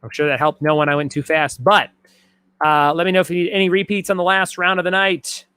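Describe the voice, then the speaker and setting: A man hosts a relaxed live-streamed movie trivia game. He repeats each question and reads out viewer comments between rounds. His voice sits a bit high, and the room sounds dry and close. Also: fairly quick, smooth, no room sound. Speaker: trivia host.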